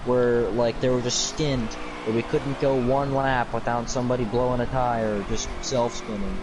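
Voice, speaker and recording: A man's voice: mid-range voice, fairly even intonation, moderate pace, noisy background. A man hosting a late night stream, chatting loosely about racing while chewing fruit snacks, with many restarts. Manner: rambling, restarts and laughs. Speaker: streamer host. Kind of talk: casual chat about racing.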